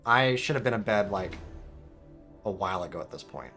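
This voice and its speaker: Young man, streamer, casual story, swears a lot, animated, faint music behind. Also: fairly quick. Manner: swearing, animated, mimics alarms in a high voice. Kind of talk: casual storytelling while gaming.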